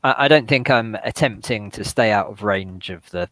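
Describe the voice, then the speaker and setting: A man's voice: fairly low pitch, normal speed, fairly bright tone, no echo. Easygoing man player, dry sound. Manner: easygoing, laughs often. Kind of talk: casual tabletop game chat.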